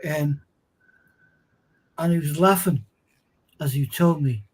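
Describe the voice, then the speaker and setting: A man's voice: on the high side, slow pace, husky. A man in casual chat, telling a story and reacting with short interjections. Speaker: show co-host.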